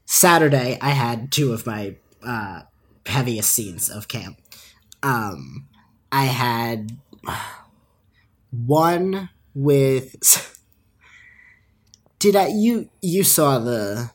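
A woman with a strikingly low, husky voice tells a story on a casual podcast. She is animated and laughs often, slipping into quick voiced-out quotes of other people. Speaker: podcast co-host.

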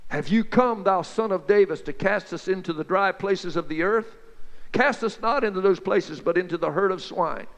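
A man voicing a legion of demons speaking through a possessed man, deep and pleading. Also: normal speed, a bit bright, in a large hall, poor audio.

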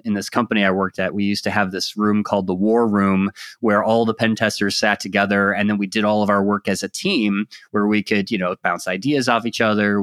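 A man with a fairly low voice recounts a story from his work as a team leader, earnest and reflective. His voice sits close and dry, with hardly any room around it. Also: a bit bright, clean tone, no echo. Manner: earnest, reflective anecdote-telling. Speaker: guest, security team leader. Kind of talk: conversational storytelling.

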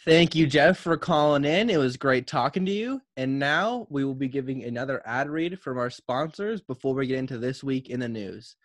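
A man's voice: mid-range voice, expressive, normal speed, hardly any pauses. A man co-hosting a comedy podcast, rambling and giggling, full of "like". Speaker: podcast co-host. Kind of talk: casual comedy podcast chat.

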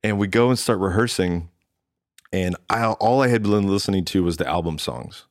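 A man's voice: sits low, moderate pace, no echo, clean studio sound. A man, a drummer and guest, telling a rambling story in casual conversation and acting out what people said to him. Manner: rambling, acts out quoted dialogue with restarts.

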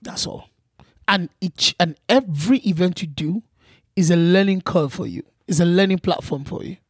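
A man's voice: sits high, moderate pace, breathy edge, dry recording, clean studio sound. A man, a comedian guest on a podcast, talking earnestly about his craft and repeating his key points. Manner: earnest, advice-giving, repeats phrases. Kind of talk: casual interview chat.

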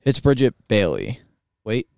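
A man's voice: fairly low pitch, wildly swooping pitch, unhurried, creaky, a little mellow, smooth, dry recording, clean studio sound, a faint crowd. A man hosting a podcast in casual chat, goofy, joking around and swearing. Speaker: podcast host.

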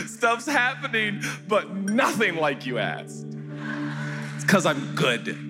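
A pastor preaching a sermon in an animated, joking way, often jumping into high, shouted outbursts. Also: male voice, drawn-out words. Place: church hall. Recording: echoey hall with faint music.

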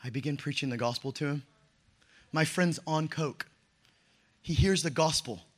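A man in his thirties preaching a sermon, telling stories in an animated way with casual slang and building up to shouts. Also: on the high side, moderate pace. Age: 30s.

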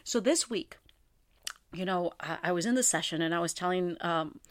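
A woman's voice: fairly low pitch, moderate pace, no echo. Candid woman podcasting in a dry room. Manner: candid, rambling, self-deprecating humor. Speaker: podcast host. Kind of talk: casual solo podcast chat.

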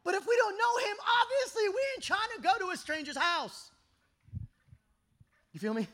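A man in his thirties preaching an energetic youth sermon at a camp meeting, telling stories that swing from shouting to hushed. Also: very high voice, brisk. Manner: animated storytelling, shifts from shouting to hushed.

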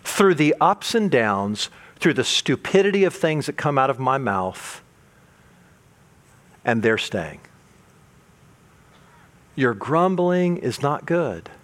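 A man's voice: medium pitch, sing-song, slow pace, pauses often, a bit bright. A male pastor preaching a sermon, acting out quoted complaints and stumbling into repeated words as he presses his point.

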